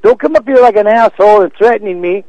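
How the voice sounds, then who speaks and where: A man's voice: high-pitched, fast, a little mellow, dry recording. An older man on the phone, stern and blunt, issuing threats to a caller. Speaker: prank call target. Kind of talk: angry phone call. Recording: dull lo-fi phone line.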